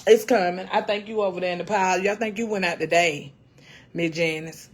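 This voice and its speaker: A woman's voice: on the low side, a little fast. A middle-aged woman hosting a casual cooking livestream, folksy and salty, calling her viewers baby and honey.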